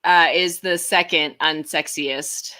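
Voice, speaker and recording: A woman reads items aloud and laughs easily during a casual co-hosted chat. Her voice is bright and sharp but sits a little low. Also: steady tone, slow pace. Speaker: co-host.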